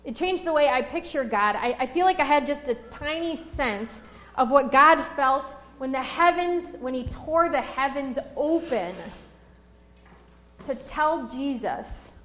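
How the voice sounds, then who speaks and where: High-voiced woman preaching in an echoey room. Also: expressive, a bit bright. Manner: storytelling, slows for scripture reading. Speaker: pastor. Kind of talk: sermon with personal story. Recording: roomy echo.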